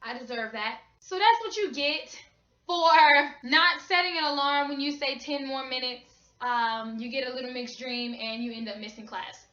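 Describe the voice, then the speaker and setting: Young woman vlogger, high bright voice, chatty slangy storytelling, echoey small room. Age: young adult. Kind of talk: casual storytime. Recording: echoey room, slightly dull sound.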